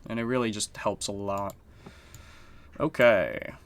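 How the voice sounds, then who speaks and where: A man's voice: on the low side, steady tone, measured pace, clean tone. A man streaming a strategy board game, chatting casually and swearing now and then. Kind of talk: casual live-stream commentary.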